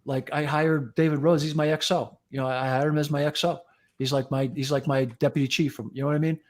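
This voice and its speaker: A man's voice: a little high, level tone, brisk. A man in his sixties, a fire chief and editor, telling profane, jokey stories in casual podcast chat. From United States. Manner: profane, jokey anecdotes with acted quotes.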